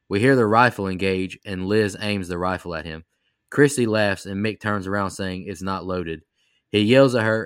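A man on a podcast reading out a film's plot recap in a brisk, steady way. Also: low-pitched, smooth, no echo, clean studio sound.

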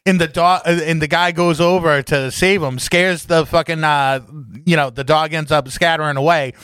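A man co-hosting a podcast, telling crude animated stories with lots of swearing and laughter. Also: fairly high pitch, normal speed, clean tone, no room sound, clean studio sound. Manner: profane, animated storyteller, laughs often. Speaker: podcast co-host. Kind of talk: casual crude banter.

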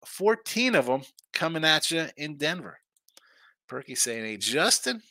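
Unhurried and a little high, this host's voice swings widely in pitch and sounds pushed and bright, with no echo. He runs a live sports betting stream, reading viewer comments and bantering with chat in a loose, chatty manner.

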